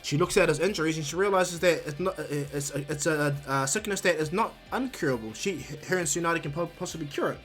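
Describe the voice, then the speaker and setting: Guy rambling thru a fan story, lots of ums, kinda high voice, faint music behind. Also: fairly quick, few pauses, a bit bright. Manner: rambling, many fillers and restarts. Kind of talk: casual story retelling.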